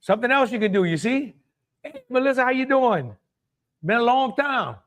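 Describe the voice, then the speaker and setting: A man's voice: very high voice, sing-song, moderate pace, a bit bright, muffled recording. A man with a Louisiana accent hosting a casual live cooking stream, chatty and exclamatory, greeting viewers by name and laughing often. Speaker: cooking show host.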